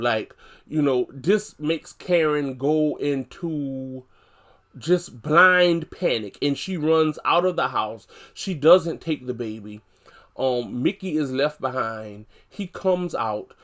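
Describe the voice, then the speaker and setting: A man's voice: mid-range voice, slow. Guy doing a casual tv episode recap, rambly with lots of ums, gets worked up at the big moments. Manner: chatty, fillers, gets animated retelling scenes.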